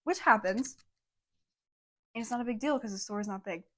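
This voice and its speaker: A young woman co-hosting a podcast, telling a story in a casual, animated way and saying "like" often. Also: on the high side, brisk. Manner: animated storytelling, heavy use of "like". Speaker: podcast co-host.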